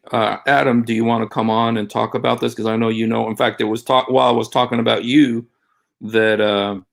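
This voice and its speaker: Gravelly, halting man on a livestream. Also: mid-range voice. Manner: halting, rambling, many fillers and restarts. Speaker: livestream host. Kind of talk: casual livestream talk.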